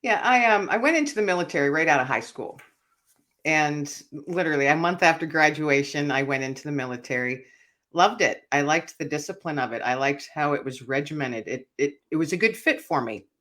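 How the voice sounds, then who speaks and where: A woman's voice: sits low, animated, fairly quick. Earnest woman recounting her story. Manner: earnest, reflective storytelling, often dropping quiet. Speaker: author and speaker, interview guest. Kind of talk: personal testimony in an interview.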